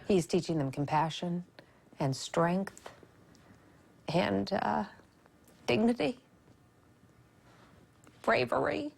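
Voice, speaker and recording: A woman interview guest speaking slowly, with a teasing edge. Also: medium pitch, gravelly, a little mellow, breathy edge.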